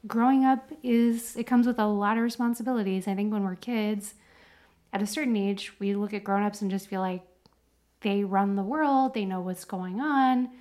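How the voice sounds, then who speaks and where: A woman co-hosting a podcast in a casual chat. She talks in a chatty, animated way, full of fillers, and her pitch sits in the middle of the range. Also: normal speed. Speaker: podcast co-host.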